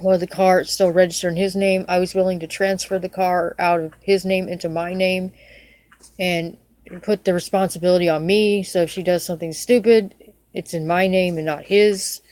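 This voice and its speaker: A woman's voice: fairly low pitch, little pitch movement, moderate pace, a little mellow, dry recording. A middle-aged woman venting angrily in a personal video rant, swearing and repeating herself. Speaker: vlogger. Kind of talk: angry personal rant to camera.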